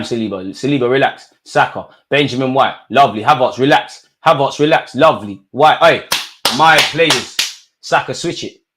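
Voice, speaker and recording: A football fan streamer with a slightly rough voice reacts live to a match, speaking to the players and the referee. He swings between low mutters and excited shouts.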